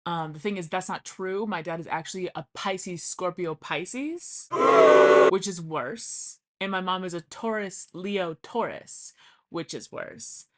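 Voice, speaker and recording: A woman's voice: fairly low pitch, measured pace, slight background noise. A young woman telling funny childhood stories in a chatty, casual way, swearing freely and acting out what people said. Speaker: vlogger. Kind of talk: casual storytelling.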